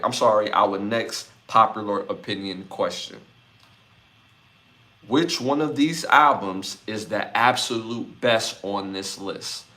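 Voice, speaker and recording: A man's voice: on the low side, bright, forceful tone. A man from Brooklyn, hosting a live podcast, reading out chat comments and repeating his lists. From Brooklyn, New York. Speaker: podcast host.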